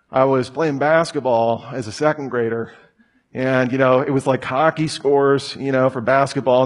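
Casual, chatty male pastor. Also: medium pitch. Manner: casual, chatty, laughing asides. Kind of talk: sermon.

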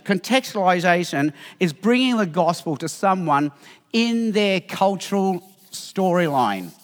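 A man's voice: high-pitched, in a large hall. A middle-aged Australian man giving a Christian teaching talk, telling stories and acting out what people said. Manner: lively storytelling, acts out quotes.

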